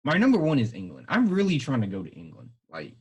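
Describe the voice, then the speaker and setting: A man's voice: mid-range voice, huge pitch swings, fast, slightly rough, rough recording. A young man co-hosting a podcast in casual chat, rambling and hedging as he goes. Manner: rambling, hedging, self-correcting. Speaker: podcast co-host.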